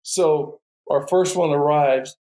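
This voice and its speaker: A man's voice: a little high, takes it slowly, warm tone. A man, a guest falconer, telling stories in a podcast conversation and often laughing. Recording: roomy echo.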